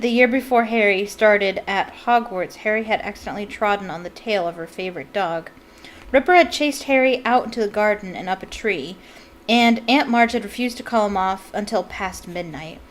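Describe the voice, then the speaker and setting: A woman's voice: mid-range voice, moderate pace, a bit bright, poor audio. A woman reading a novel aloud and breaking off for chatty asides of her own. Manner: chatty asides between narrated passages. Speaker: book reader.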